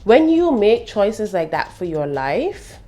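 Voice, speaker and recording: A young British woman reviewing a TV show in a casual, animated way, laughing and throwing in slangy asides. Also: medium pitch, slow pace, soft background music. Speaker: TV review vlogger.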